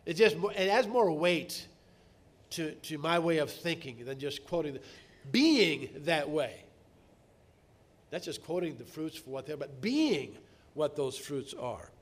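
A middle-aged man delivering a sermon in a somewhat high voice. He speaks earnestly, drawing out key words slowly and then swelling into emphatic, louder passages. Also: expressive. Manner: earnest, rising to emphatic peaks, slowing to stress words. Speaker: preacher.

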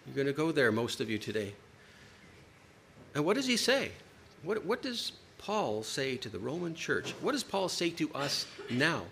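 A man preaching a sermon to a congregation, emphatic, with dramatic pauses. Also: on the high side, very animated, creaky, fairly bright tone, slight background noise.

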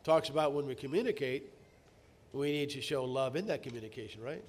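A middle-aged male pastor preaching a sermon, telling stories and swinging from quiet asides to loud emphatic bursts. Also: medium pitch, animated, fairly quick.

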